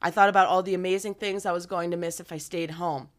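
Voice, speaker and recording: A woman's voice: on the low side, fairly even intonation, fast talker. Enthusiastic woman co-hosting a podcast. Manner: enthusiastic, laughs often. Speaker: podcast co-host. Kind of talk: casual chat, reading listener letters aloud.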